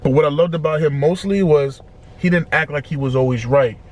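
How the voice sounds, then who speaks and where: A man's voice: on the high side, brisk. A man hosting a casual album reaction, reading out lyrics and talking through them with repeated words and restarts. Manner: animated, quotes lyrics, often repeats himself. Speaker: reaction channel host.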